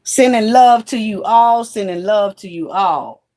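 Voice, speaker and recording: Woman host, slow and easygoing, greets her viewers by name. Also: mid-range voice, warm tone. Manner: chatty, greets viewers by name, fiddles with phone setup. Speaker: livestream host. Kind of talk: casual livestream chat. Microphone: phone.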